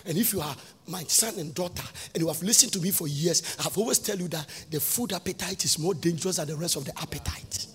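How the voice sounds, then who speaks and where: Husky preacher, sing-song. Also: male voice, fairly high pitch, fast talker, hardly any pauses, fairly bright tone. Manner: sing-song preaching cadence, rhetorical questions to the crowd. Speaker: pastor. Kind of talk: sermon. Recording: long hall reverb with faint music.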